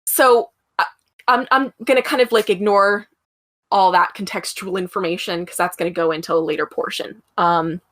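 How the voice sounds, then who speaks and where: A woman's voice: medium pitch, steady tone, moderate pace, a bit bright, no room sound. A woman hosting a casual true-crime podcast, chatty and profane with lots of ums and laughing asides. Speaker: podcast host.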